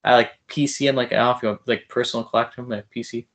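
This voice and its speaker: A young man hosts a casual interview, eager and a bit starstruck. His pitch sits in the middle range for a man. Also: fairly even intonation, rapid-fire. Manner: eager, starstruck, soft-spoken asides. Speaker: podcast host.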